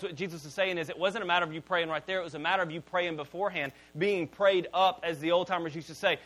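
A man with a high, bright voice preaches. He tells stories in an animated way, often restarting his sentences. His tone stays bright and forward throughout. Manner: animated storytelling with repeated restarts. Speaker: pastor. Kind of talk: sermon.

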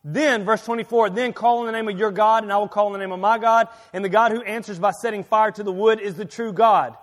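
A man preaching a sermon as pastor, swinging from quiet talk to loud, emphatic reading, often restarting and repeating his words. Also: high voice, steady tone, quick pace. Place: church sanctuary. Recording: long hall reverb.

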